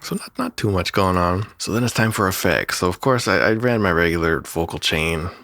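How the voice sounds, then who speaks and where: Deep-voiced and brisk, this man is heard over a very noisy recording. An animator and musician, he loosely walks through making the sounds for a cartoon, chuckling, cutting himself off, and starting over as he explains the production.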